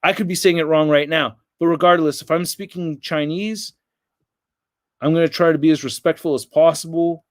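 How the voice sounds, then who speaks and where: A man's voice: a little high, steady tone, moderate pace, no room sound. An American man hosting a casual livestream, rambling and reading viewer comments aloud. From United States. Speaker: livestream host.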